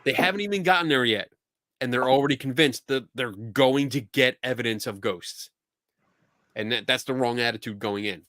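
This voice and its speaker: Male host, Philly accent, loose and profane, chatting on a live stream, mid-pitched voice. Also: normal speed, bright, forceful tone, dry recording, studio quality. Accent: Philadelphia. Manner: chatty, laughs and swears freely. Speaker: podcast host. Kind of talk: casual livestream chat.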